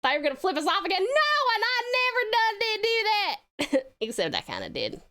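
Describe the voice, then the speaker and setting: A woman's voice: extremely high pitch, huge pitch swings, fairly quick, sharp tone, pitched above the performer's own voice, full character voice. A woman putting on a folksy Southern drawl. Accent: Southern US, put on. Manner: doting, folksy endearments.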